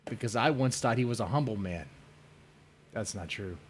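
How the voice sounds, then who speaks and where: A man's voice: lowish voice, normal speed, slight background noise. A man hosting a casual livestream debate, rambling and joking with his chat. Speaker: stream host.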